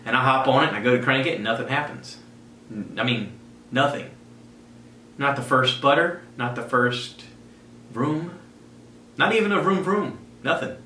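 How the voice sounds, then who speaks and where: Guy telling a story from his life on a podcast, lively, keeps doing everyone's voices, echoey room. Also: mid-range voice, normal speed, long pauses, a little hiss or hum. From South Carolina. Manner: animated, jumps into voices of people in his story. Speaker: podcast host. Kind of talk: personal storytelling monologue. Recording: echoey room, faint ambience.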